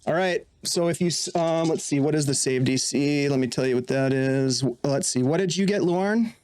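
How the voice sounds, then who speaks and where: A man narrating a tabletop game as game master in a casual, halting way, often restarting his sentences. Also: on the high side, a little mellow, clean tone.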